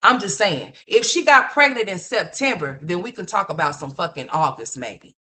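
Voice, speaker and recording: A woman's voice: lowish voice, expressive, normal speed, sharp tone. A woman hosting a livestream, ranting in a blunt, mocking, profane gossip commentary full of rhetorical questions.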